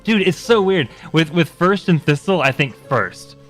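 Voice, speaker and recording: A man playing in a casual tabletop game, animated and joking. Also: fairly high pitch, moderate pace, soft background music. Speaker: player.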